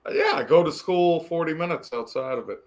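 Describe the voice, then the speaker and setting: A man's voice: a little high, lively intonation, brisk. A young man in his twenties from the Boston area, with a Boston accent, chatting as a podcast guest in an easygoing, hesitant way. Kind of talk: casual podcast chat.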